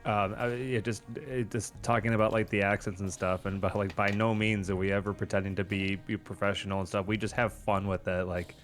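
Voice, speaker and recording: Male co-host, lowish voice, hesitant, filler-heavy explainer. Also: flat delivery, brisk, hardly any pauses, fairly bright tone, soft background music. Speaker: podcast co-host. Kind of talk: casual chat.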